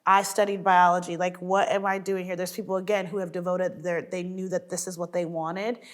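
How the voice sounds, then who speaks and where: A woman's voice: on the low side, level tone, fairly quick. A woman comedian chatting in an interview. She tells stories animatedly, acts out quotes, and laughs often. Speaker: sketch comedy cast member. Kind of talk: casual interview chat.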